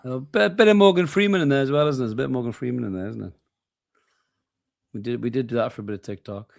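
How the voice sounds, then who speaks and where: A man's voice: mid-range voice, quick pace, vocal fry, dry recording, studio quality. A tired man co-hosting a late-night football watchalong, joking and swearing casually. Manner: laid-back, swearing, joking banter. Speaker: co-host of a football watchalong stream. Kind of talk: casual live match chat.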